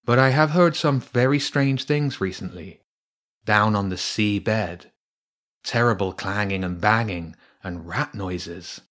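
A man voicing an aloof male cormorant with a smooth voice, speaking slowly and dryly. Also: fairly low pitch, a bit bright. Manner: slow, dry, sarcastic.

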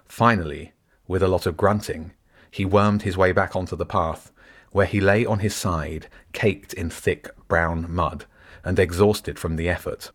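A man reading his own novel aloud in a measured, expressive audiobook narration. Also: low voice, slightly rough. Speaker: author and reader.

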